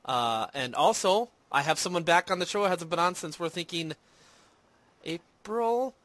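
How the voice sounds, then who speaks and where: A man's voice: on the high side, lively intonation, normal speed, a bit bright, no echo. A man hosting a casual movie and games podcast, rambling and self-deprecating with lots of fillers. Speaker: podcast host. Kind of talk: casual chat. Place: home in Minnesota.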